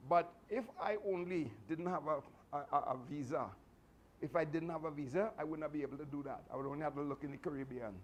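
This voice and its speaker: A man with a Trinidadian accent, telling animated, chatty stories to a martial arts class with laughing asides. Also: a little high, quick pace, a little hiss or hum. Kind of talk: storytelling speech to a class.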